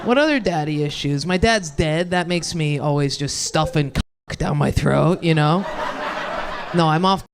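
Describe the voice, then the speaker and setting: A woman's voice: deep voice, a little slow, crowd noise, background noise. Rambling young woman doing stand-up. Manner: rambling, self-deprecating, laughs mid-sentence; loses her thread, many fillers and restarts. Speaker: stand-up comedian. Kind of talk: stand-up set. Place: comedy club stage.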